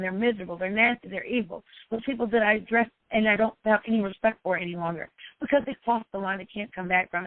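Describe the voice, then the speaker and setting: A woman's voice: no echo, narrow, tinny audio. A woman life coach talking personally to her followers, emotional and repetitive. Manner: emotional, repetitive, sometimes cries out high.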